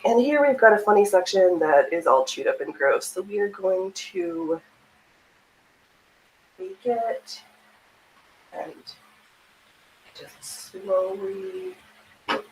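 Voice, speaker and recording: A woman's voice: mid-range voice, animated, takes it slowly, pauses often. A woman hosting a livestream, chatting casually and laughing often as she sews and answers her chat. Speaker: livestream host. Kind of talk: casual chat while sewing on stream. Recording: echoey room with faint ambience.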